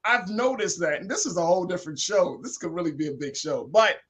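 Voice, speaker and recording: A man hosting a casual news commentary show, animated and emphatic as he reads quotes aloud. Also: sits high, fast talker. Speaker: talk show host.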